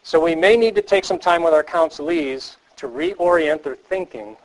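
A man with a voice on the high side teaches a class of counselors, earnest and emphatic, returning to key phrases and asking the students rhetorical questions. The recording quality is low.

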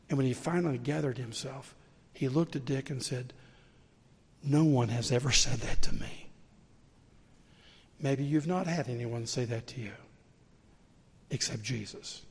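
A man's voice: medium pitch, measured pace, gravelly, long pauses, darkish tone, husky, big-room sound. A man preaching a sermon, telling a story in an earnest way and acting out the quoted lines. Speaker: pastor.

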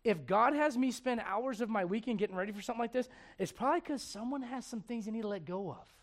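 A young male pastor preaching a sermon, moving between quiet asides and loud exhortation, with humor and acted-out quoted voices. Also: high voice, quick pace.

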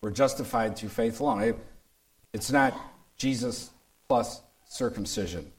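A male pastor delivers a sermon in an emphatic way. His voice sits at an ordinary middle pitch. He keeps coming back to the same points and reads passages aloud as he goes. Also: measured pace, poor audio.

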